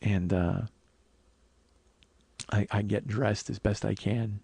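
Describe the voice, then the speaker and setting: A man hosting a podcast, telling a candid, profane comedic story with frequent fillers and animated acted-out quotes. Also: fairly low pitch, takes it slowly, gravelly, breathy edge.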